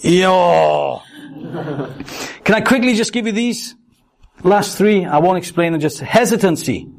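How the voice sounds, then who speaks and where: A middle-aged man preaching a sermon, telling personal stories in an animated way and acting out the quotes. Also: high-pitched, normal speed. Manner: animated storytelling, acts out quotes.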